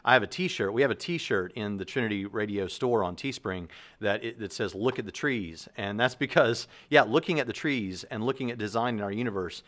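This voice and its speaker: A man's voice: on the low side, animated, fairly quick, few pauses, a bit bright. A man hosting a video, explaining casually and thinking aloud with many fillers and restarts. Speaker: Christian apologist video host. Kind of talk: casual talk to camera.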